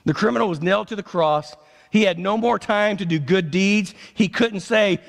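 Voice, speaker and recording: A man preaching a sermon as pastor, swinging between impassioned declarations and low, drawn-out lines. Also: gravelly. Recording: reverberant church sanctuary.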